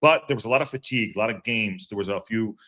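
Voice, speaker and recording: A man's voice: lowish voice, fast, pushed and bright. A man hosting a casual fan podcast live stream. He rambles and repeats himself with many fillers, and greets chat viewers by name.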